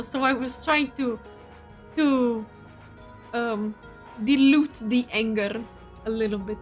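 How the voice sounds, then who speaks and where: A woman streamer whose first language is Portuguese reads a visual novel aloud over soft background music. Her voice sits high, unhurried and fairly bright, and she switches between reading and chatty, giggly asides to viewers.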